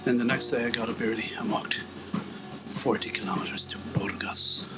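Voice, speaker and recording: A man's voice: medium pitch, moderate pace, whispered, rough recording. An Irish man musing as he works out on a treadmill, rambling and self-mocking and often dropping to a murmur. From Ireland. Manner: self-mocking and rambling, murmurs asides under his breath. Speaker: video blogger. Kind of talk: musing commentary while exercising. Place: indoors on a treadmill. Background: calm instrumental music.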